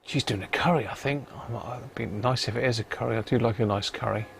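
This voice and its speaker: A man's voice: mid-range voice, quick pace, gravelly, a little hiss or hum. A man chatting casually on a live stream while he repairs a radio in his home workshop, rambling and muttering to himself as he works.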